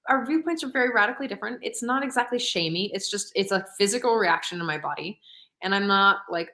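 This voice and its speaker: A woman's voice: mid-range voice, lively intonation, quick pace, pushed and bright. A woman co-hosting a talk show, chatting animatedly with frequent laughter and acted-out quotes. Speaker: podcast co-host. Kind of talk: casual chat.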